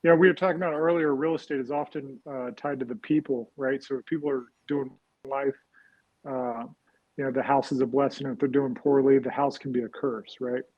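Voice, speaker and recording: A man's voice: medium pitch, fairly even intonation, a little fast, no echo, dull audio. A man talking casually as an interview guest, rambling and often adding "right?" after his points. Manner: rambling, frequent "right?" tags and fillers. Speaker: guest real estate investor.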